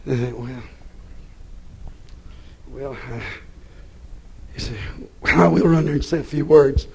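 A man preaching a fiery sermon, swinging from shouted bursts down to quiet storytelling. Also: unhurried, creaky. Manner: shouting bursts then drops to low storytelling.

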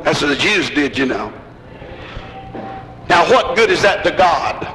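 A man preaching a sermon in folksy country grammar, asking the crowd questions and rising to shouts. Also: sits high, lively intonation, moderate pace, pauses often. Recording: echoey hall with noise.

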